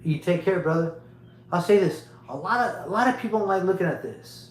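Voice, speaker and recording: A man's voice: high voice, animated, a little fast, reverberant, slight background noise, rough recording. A man hosting a livestream, delivering a rambling, preachy monologue to his viewers and repeating his points emphatically. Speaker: livestream host.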